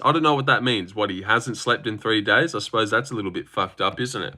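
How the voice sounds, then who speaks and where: A young Australian man hosting a casual livestream, reading viewer comments in a brash, animated way with lots of swearing. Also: a little fast, hardly any pauses. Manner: animated and brash, swears a lot, big pitch jumps. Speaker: livestream host.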